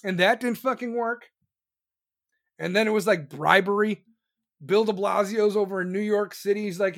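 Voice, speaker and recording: A host in full rant, swearing constantly and dripping with sarcasm. The voice sits at a middle pitch, and the talk runs fast and heated, hammering the same points over and over and slipping into mocking impressions of officials. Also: fairly even intonation, fairly bright tone. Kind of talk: profane ranting commentary.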